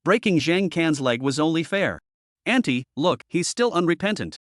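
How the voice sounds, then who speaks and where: A man's voice: on the high side, lively intonation, normal speed, no echo, clean studio sound, lightly acted. A man voicing a cocky, self-assured young man in a manhwa recap. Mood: smug.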